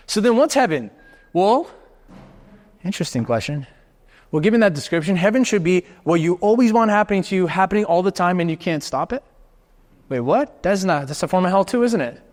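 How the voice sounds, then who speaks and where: A man giving a live motivational talk to an audience, animated and expressive, firing off rhetorical questions with the occasional swear word. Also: high-pitched. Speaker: motivational speaker. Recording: reverberant hall.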